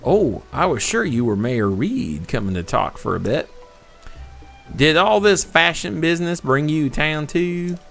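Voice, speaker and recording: A man's voice: mid-range voice, lively intonation, moderate pace, vocal fry, a bit bright, faint music behind. A man reading as a folksy pumpkin farmer. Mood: chatty. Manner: chatty, homespun. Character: folksy male pumpkin farmer, stubborn and hopeful. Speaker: farmer character.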